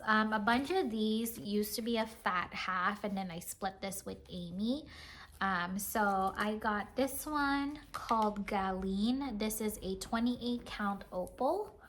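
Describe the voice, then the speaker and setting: Slow-talking chatty woman vlogger. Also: medium pitch, a bit bright, slight background noise. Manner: chatty, giggly, says "like" often. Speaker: cross-stitch vlogger. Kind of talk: casual show-and-tell chat.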